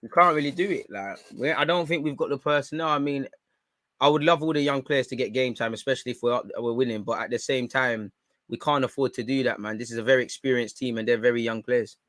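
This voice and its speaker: Male watchalong host, edgy bright tone, dry close sound, excitable, barks at players and the ref. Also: medium pitch, fast, dry recording. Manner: excitable, swears, shouts at players and referee; talks while eating. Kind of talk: live match reaction commentary.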